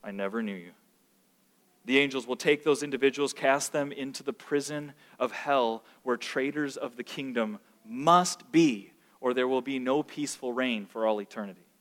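A man preaching a sermon as pastor, animated, sometimes acting out the voices of complaining children. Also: medium pitch, normal speed, few pauses. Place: church sanctuary. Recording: long reverb of a large hall.

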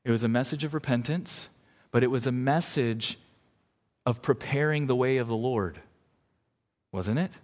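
A man's voice: medium pitch, normal speed, long pauses. Earnest preacher man in a reverberant hall. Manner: earnest, illustrative storytelling, rising intensity. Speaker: pastor. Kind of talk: sermon.

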